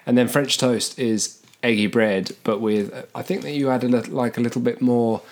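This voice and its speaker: A man's voice: mid-range voice, fairly even intonation, normal speed. A young man co-hosting a casual podcast, wry and playful with odd turns of phrase. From Britain. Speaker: podcast co-host. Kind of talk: casual chat.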